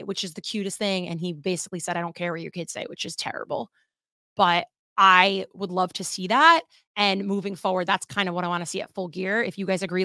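Bright-voiced chatty woman podcast host. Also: mid-range voice, no echo, clean studio sound. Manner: animated, chatty, swears freely. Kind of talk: casual podcast monologue.

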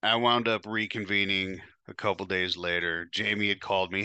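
A man's voice: fairly low pitch, animated, brisk, hardly any pauses, pushed and bright, clean tone, dry recording. A podcast host telling his own story in the first person, blunt, profane and emotional.

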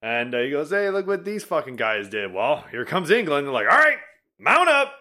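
Man, casual history storytelling, laid-back, swearing, bright forceful tone. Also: on the high side, big pitch swings, fairly quick.

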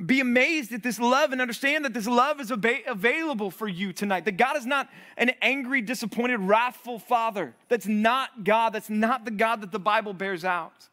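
A man, a pastor, preaching a sermon in an earnest way, his voice swelling and then dropping low for emphasis, often repeating words as he builds. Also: moderate pace, hardly any pauses, bright, forceful tone. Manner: repeats and restarts words while building intensity.

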